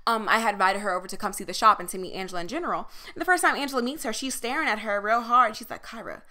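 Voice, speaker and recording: A young woman spins a story for her podcast in a bright, forceful voice that sits a little high. She talks casually and animatedly, laughs often and swears freely. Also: racing. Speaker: podcast co-host.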